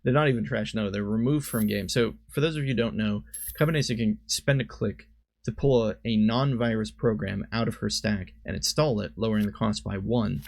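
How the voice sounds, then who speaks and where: A man's voice: lowish voice, steady tone, brisk, creaky, darkish tone, no room sound. A man giving casual commentary on a card game, thinking aloud and often stopping to correct himself. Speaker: streamer and commentator.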